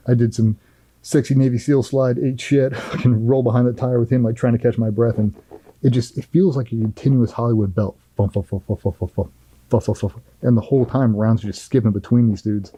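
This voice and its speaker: A man's voice: mid-range voice, steady tone, brisk, warm tone, rough recording. A middle-aged man, a former Navy SEAL, telling a firsthand war story in an interview in a blunt, profane, vivid way.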